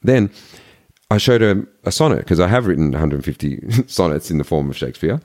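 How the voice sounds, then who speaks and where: A man's voice: low-pitched, a little fast, a crowd in the background. A man guesting on a podcast, chatting casually and telling stories in a rambling, emphatic way. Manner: rambling, animated storyteller, emphatic. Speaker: podcast guest, poet and yogi. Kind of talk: casual conversation.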